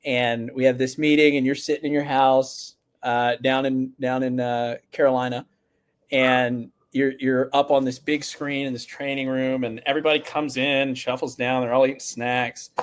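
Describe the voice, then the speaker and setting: A man's voice: mid-range voice, moderate pace, clear, resonant tone. A man hosting a podcast, telling a story casually and acting out quotes with laughter. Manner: animated, acts out quotes with laughs. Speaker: podcast host.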